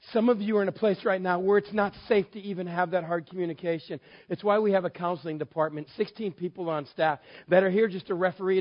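A middle-aged man from West Texas, a pastor preaching and telling a story with animated acting out of both sides. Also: high-pitched, dull audio. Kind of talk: sermon.

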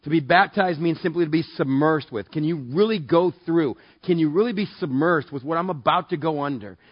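A man preaching a sermon in a casual, joking way that builds to loud, emphatic passages. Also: on the high side, fairly quick, slightly rough, no echo, dull audio. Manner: conversational, jokey, rising to loud emphatic preaching. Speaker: pastor.

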